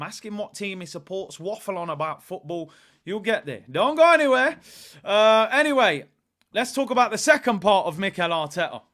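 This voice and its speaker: A man with a high-pitched voice, talking football on his own channel. He tells stories and rants in a lively, animated way, leaning on everyday analogies to make his point. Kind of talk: casual fan commentary.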